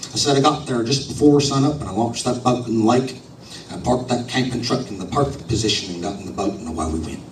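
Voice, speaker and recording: A man's voice: medium pitch, natural voice. A man voicing a crude, boastful foreman who tells a rambling fishing tale full of cursing. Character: crude, boastful middle-aged male foreman. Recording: roomy hall, distant mic, noisy.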